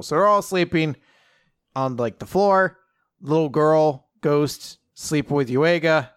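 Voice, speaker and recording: Lively laughing man recapping a story. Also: fairly high pitch, takes it slowly, clear, resonant tone. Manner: animated, laughs often, acts out quoted lines. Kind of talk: casual chat recapping a manga chapter.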